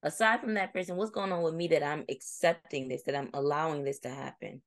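A woman's voice: low-pitched, brisk, dry recording. A young adult woman co-hosting a casual chat, telling a reflective story and acting out her friends' replies. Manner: reflective, storytelling, animated when quoting friends. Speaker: co-host.

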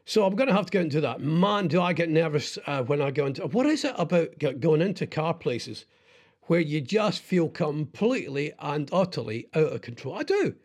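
A middle-aged man hosting a radio show, rambling in casual chat with lots of halting restarts and self-deprecating asides. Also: on the high side, sing-song, a little mellow. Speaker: radio host.

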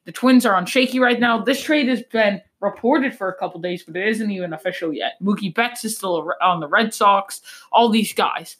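A woman hosts a casual sports show, trading blunt verdicts and quick gripes. Her voice sits at an ordinary middle pitch. She rambles, stumbles and restarts, then lands her opinions flatly. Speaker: sports podcast host.

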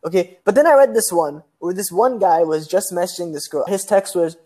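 A man's voice: a little high, quick pace, hardly any pauses, darkish tone. A young man from Pakistan, a university student, telling a story in casual chat, acting out quotes. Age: young adult. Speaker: guest.

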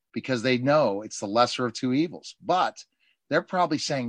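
A man hosting a political talk show, arguing emphatically and acting out politicians in quick asides. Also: medium pitch, dry recording. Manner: emphatic, animated, mimics politicians in quoted asides. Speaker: show host and journalist.

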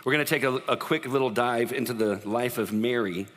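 A man preaching a sermon as pastor, in an animated, conversational way, acting out what people say. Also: medium pitch, a little fast, big-room sound.

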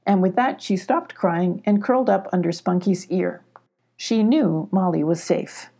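A woman narrating a children's storybook with gentle, even pacing. Her voice is gravelly and husky, with a dark, mellow tone. She tells the story calmly from line to line. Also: medium pitch. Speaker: audiobook narrator.

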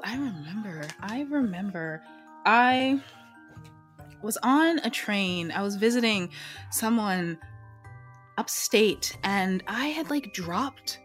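A woman with a medium-pitched voice plays a solo tabletop role-playing game, narrating and chatting as she goes. Her manner is casual and profane, and she keeps interrupting herself.

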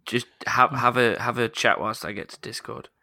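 A man's voice: mid-range voice, steady tone, normal speed, gravelly, pushed and bright, dry recording, studio quality. A man co-hosting a casual podcast, playful and giggly. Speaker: podcast co-host.

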